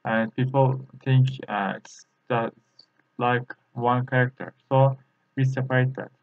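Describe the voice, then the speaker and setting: Man, Turkish accent, language teacher, slow halting explanation, repeated drill syllables, tinny phone-like sound. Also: mid-range voice, steady tone. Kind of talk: explaining a lesson.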